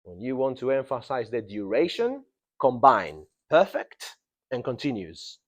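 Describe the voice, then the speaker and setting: A male English teacher runs a grammar lesson in a classroom, speaking at a medium pitch with wide swings and an unhurried pace. He emphasizes and repeats key words and keeps checking in with his students.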